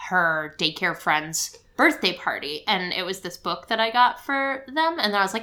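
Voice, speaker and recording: Casual-chat co-host, woman in her 30s, bright clear tone, lively storytelling. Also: brisk, few pauses. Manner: chatty, animated, mimics her toddler in a high squeal. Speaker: podcast co-host, mother.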